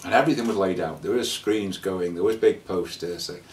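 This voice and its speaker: A man's voice: low-pitched, slight background noise. Rambling man, slightly distant mic. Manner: rambling, halting with many fillers and restarts. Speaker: traveller sharing scam warnings. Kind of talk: casual spoken anecdote.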